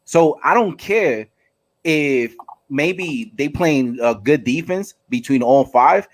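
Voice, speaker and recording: A man in a casual sports debate who speaks haltingly, restarting with repeated words as he makes his point. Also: fairly high pitch, animated.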